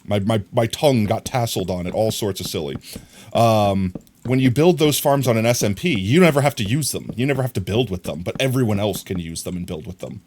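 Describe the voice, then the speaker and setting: Animated and fairly quick, his fairly low, a little mellow voice carries a casual live stream of a block-building game. He greets viewers, reads and responds to chat mid-build, and hums "bam bam" under his breath.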